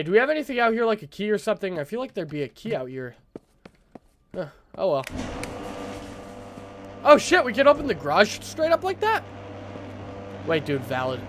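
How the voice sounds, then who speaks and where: A man streaming a horror game, talking to his chat with frantic, profane yelling reactions. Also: high voice. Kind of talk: live gameplay commentary to chat.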